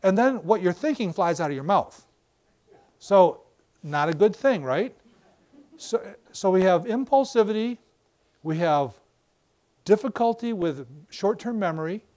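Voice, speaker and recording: An older man giving a professional lecture on a wireless mic, explaining with animated stories and acted-out examples. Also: high-pitched, unhurried, pauses often. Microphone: battery-powered wireless mic.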